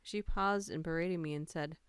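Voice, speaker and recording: A woman's voice: deep voice, normal speed, smooth, no room sound, studio quality. A woman hosting a casual livestream, reading funny stories aloud, laughing and greeting her chat.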